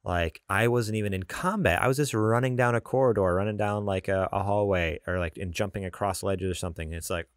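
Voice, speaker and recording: A young man co-hosting a gaming podcast, talking in an animated, rambling way with frequent laughs and restarts. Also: fairly low pitch, fairly quick, few pauses, dry recording, clean studio sound. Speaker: podcast co-host. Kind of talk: casual chat.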